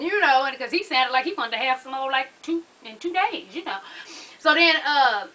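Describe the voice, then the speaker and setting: A woman's voice: high voice, very animated, a little fast, sharp tone, rough recording. A woman giving a casual, sassy recap of a reality show episode. She swears freely and keeps calling her listeners honey.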